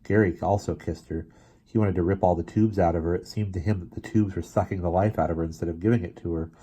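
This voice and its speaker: Quiet, husky-voiced man reading a storybook. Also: steady tone. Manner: quiet, measured, drops low for sad moments. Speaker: reader. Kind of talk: reading a children's novel aloud.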